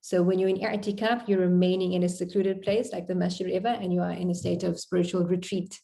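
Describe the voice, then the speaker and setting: With a lowish, creaky, warm voice, an Arabic tutor talks fast in a steady tone as she walks a video-call class through a poem word by word. Her explanation of the Arabic poem is chatty, as in an online class.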